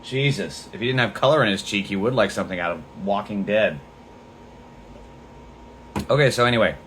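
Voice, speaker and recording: A man's voice: on the low side, brisk, a bit bright, a little hiss or hum. A man hosting a political podcast livestream, talking in a profane, sarcastic, mocking way. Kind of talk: livestream commentary.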